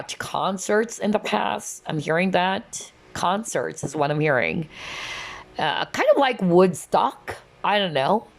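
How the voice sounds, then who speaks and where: A woman giving a casual, chatty tarot reading, often checking in with "okay?" and "you know". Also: low-pitched. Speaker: tarot reader.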